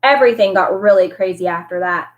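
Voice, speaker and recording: A woman who teaches, reading a novel aloud with expressive storytelling. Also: medium pitch, fairly quick, highs cut off.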